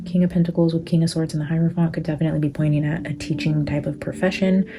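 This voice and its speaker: A woman's voice: deep voice, little pitch movement, fast talker, poor audio. A woman reading tarot cards and channeling a spirit, talking intensely with frequent swearing and filler words. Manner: intense, profane, lots of "like" fillers. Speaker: tarot reader and medium. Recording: music playing under the voice.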